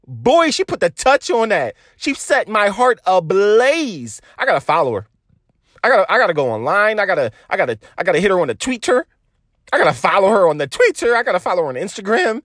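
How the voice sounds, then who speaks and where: A man in his thirties talking to his phone from a parked car, in a rambling, excited monologue full of restarts. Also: high-pitched, a little fast, no echo, studio quality. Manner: animated, rambling, stammering restarts. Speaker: vlogger reacting to an album. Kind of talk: casual emotional monologue.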